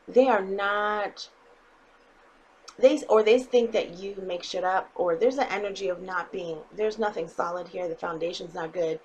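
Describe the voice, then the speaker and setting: Woman tarot reader, mid-pitched, talks bluntly with casual swearing and frequent check-ins. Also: normal speed, darkish tone, a little hiss or hum, rough recording. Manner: blunt and emphatic, swears freely, checks in with "okay?". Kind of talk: casual tarot reading to viewers.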